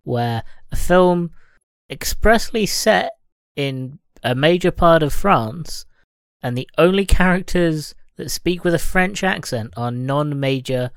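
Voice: medium pitch, expressive, slow pace, smooth, no room sound. A podcast co-host chatting about a film with wry, dry humour. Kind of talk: casual film chat.

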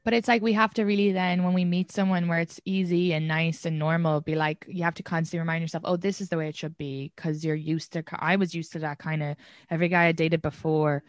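A woman's voice: on the low side, level tone, fast talker, dry recording, studio quality. An Irish woman hosting a podcast, chatting casually in a rambling way, with lots of "like". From Ireland. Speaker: podcast host. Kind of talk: casual chat.

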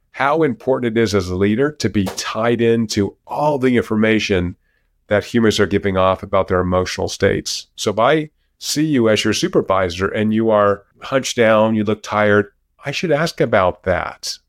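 Animated man telling research stories. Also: on the low side, dry recording, studio quality. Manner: animated storyteller, lively when telling anecdotes. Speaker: guest researcher. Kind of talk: interview conversation. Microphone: remote video call.

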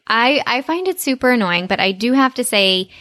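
A woman's voice: fairly high pitch, expressive, moderate pace, a bit bright, no echo. A woman co-hosting a podcast, chatting playfully about a cartoon episode and laughing easily. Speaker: podcast co-host.

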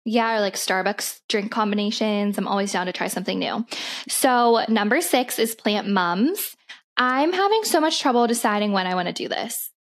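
A woman's voice: mid-range voice, animated, moderate pace. Bubbly young woman podcast co-host. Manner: bubbly, enthusiastic. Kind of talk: casual chat.

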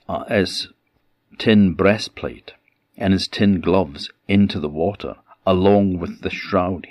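A man with an Orkney accent telling a traditional folk tale, lively and shifting his pace and loudness. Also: deep voice, dry recording, clean studio sound. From Orkney, Scotland. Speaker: traditional storyteller.

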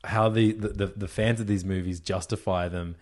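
A man with a lowish voice, trading jokes in a casual film review chat. He restarts his sentences often and repeats words before landing a point. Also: fairly even intonation, normal speed, a little mellow. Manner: joking, stammering restarts.

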